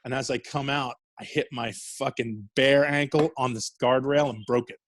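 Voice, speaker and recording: Man, middle-aged, from New York, profane rambling storyteller, medium pitch, dry recording. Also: steady tone, moderate pace, no room sound. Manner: profane, laughing, rambling anecdotes. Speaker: wrestler guest. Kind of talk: casual storytelling interview.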